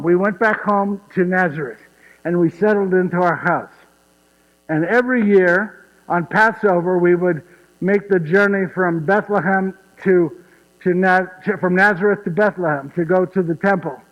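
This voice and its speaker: A man's voice: sits high, close to an everyday voice. A man playing Saint Joseph, humble and awed. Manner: chuckles warmly at his own story, asks the audience directly. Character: Saint Joseph, humble earthly father, wonder-struck storyteller. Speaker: actor in a one-man stage show. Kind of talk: first-person dramatic monologue. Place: church. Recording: echoey church, dull muffled sound.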